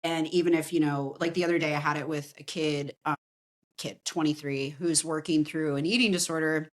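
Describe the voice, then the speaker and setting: A woman's voice: low voice, fairly quick. A woman in her forties, a somatic practitioner talking in a casual podcast conversation, telling stories with acted-out quotes. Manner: animated storytelling with acted quotes.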